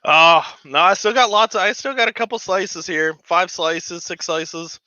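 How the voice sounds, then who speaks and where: A man hosting a casual home livestream, chatting and rambling with lots of fillers, excited and a bit giddy. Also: high-pitched, a little slow, no room sound, dull audio. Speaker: livestream host. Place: home model railroad room.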